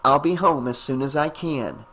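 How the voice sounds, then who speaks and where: Man doing a hurried young mother. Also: medium pitch, fairly bright tone, rough recording. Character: busy, tired single mother.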